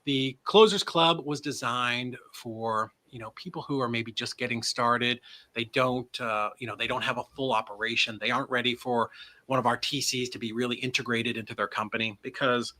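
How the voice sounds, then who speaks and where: A man, a business owner, pitching his service in a casual, energetic live webinar, often asking "right?" and letting a swear slip. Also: normal speed. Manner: animated delivery, swears. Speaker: transaction coordination business owner.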